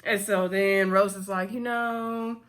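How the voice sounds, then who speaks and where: A woman casually recapping a TV episode for her viewers, chatty and addressing them as "y'all", slipping into quick voices when she quotes characters. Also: medium pitch, fairly even intonation, a bit bright. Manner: talks straight to viewers as "y'all". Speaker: TV episode reviewer.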